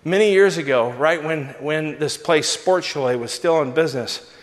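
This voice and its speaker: A man preaching a sermon and telling a personal story with animated, self-mocking delivery. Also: normal speed. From Southern California. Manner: lively storyteller, big pitch swings, self-mocking. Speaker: pastor. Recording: long hall reverb.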